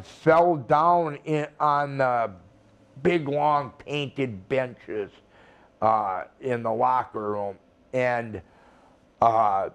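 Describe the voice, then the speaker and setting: An older man, a retired wrestler, telling rambling stories in an interview, acting out quotes and swearing freely. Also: medium pitch. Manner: slow, rambling storytelling with profanity and acted-out quotes. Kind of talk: storytelling shoot interview.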